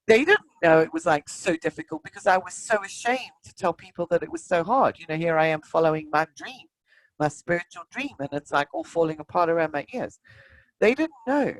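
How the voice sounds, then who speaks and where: A woman, a spiritual teacher, telling a personal story in an emotive, animated way. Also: fairly low pitch, brisk.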